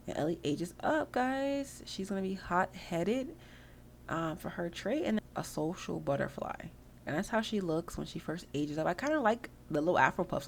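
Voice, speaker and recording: A woman's voice: fairly low pitch, a little hiss or hum. A young woman giving casual, slangy gameplay commentary, chatty and freely swearing. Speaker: gameplay video host.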